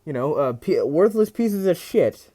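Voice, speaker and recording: A man voicing an unhinged young male hero, loud and mocking as he tells a fan story aloud. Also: fairly high pitch, very animated, unhurried, pitched above the performer's own voice. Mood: manic glee. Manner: loud, mocking, laughing wildly.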